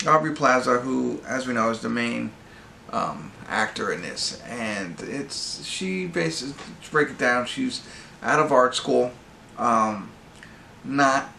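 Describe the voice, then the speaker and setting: A man's voice: mid-range voice, gravelly, sharp tone, roomy sound, a little hiss or hum. A man giving a casual, rambling movie review, full of fillers and restarts. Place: pub.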